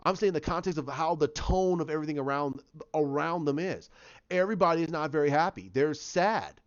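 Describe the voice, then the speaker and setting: A man reviewing a TV episode in a casual vlog, excitable and ranting, repeating himself as he makes his points. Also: fairly high pitch, brisk. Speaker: TV show reviewer. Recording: dull lo-fi sound.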